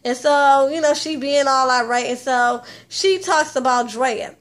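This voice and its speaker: A woman's voice: sits high, measured pace. A woman hosting a casual reality TV recap, chatty and blunt, with plenty of slang and swearing. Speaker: TV recap host.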